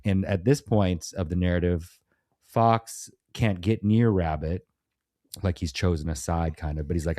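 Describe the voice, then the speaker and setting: Casting: male co-host, fairly low voice, giggly, adds details, dry close sound. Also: unhurried, mellow, no room sound. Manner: laughs often, chimes in with details. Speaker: podcast co-host. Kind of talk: casual film review chat.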